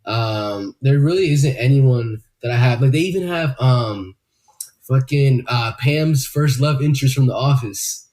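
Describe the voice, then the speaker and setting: Guy cohosting a podcast, swears a lot, laughs easy, middle-pitched voice. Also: unhurried, a little mellow. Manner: loose, profane, laughs often. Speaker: podcast co-host. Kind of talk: casual chat.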